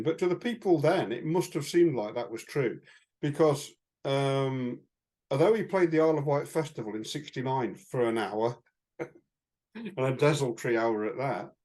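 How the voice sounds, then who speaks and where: This man co-hosts a podcast, telling stories in a loose, chatty way peppered with fillers and little laughs. His voice runs on the high side with a darkish tone.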